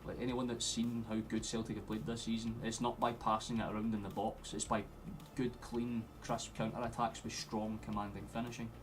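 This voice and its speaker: A young Scottish man streaming a football watchalong, chatting and swearing freely, with sudden loud outbursts at the play. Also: lowish voice, little pitch movement, a little fast, hardly any pauses, noisy background. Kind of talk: live match commentary to chat.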